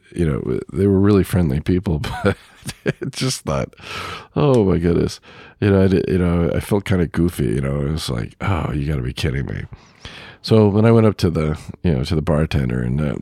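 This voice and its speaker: A man with an extremely deep, gravelly voice talks through a podcast monologue in a loose, rambling way, full of fillers and little chuckles. The voice is husky and sits close and dry on the mic. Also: darkish tone, dry recording. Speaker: podcast host; truck driver. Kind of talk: casual spoken monologue.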